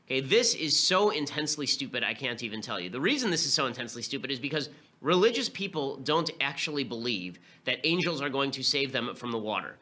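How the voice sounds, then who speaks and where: Sharp-voiced man, rapid scornful commentary. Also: medium pitch, sing-song. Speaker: podcast host. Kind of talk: political commentary monologue.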